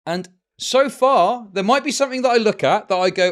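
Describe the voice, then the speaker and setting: A man's voice: sits high, sing-song, brisk, few pauses. A man streaming live commentary, ranting at his chat in heated, profane bursts. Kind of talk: livestream commentary.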